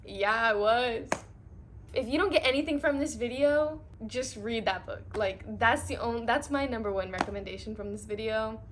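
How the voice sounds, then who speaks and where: A woman's voice: fairly high pitch, brisk, hardly any pauses, slight background noise. A young woman talking casually and gushing about books, with lots of filler words. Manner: gushing, filler-heavy chatter. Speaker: book reviewer. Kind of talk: casual reading recap.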